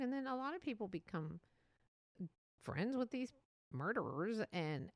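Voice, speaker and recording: A woman hosting a casual solo podcast, talking in a chatty, animated way and laughing often. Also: medium pitch, dry recording. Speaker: podcast host.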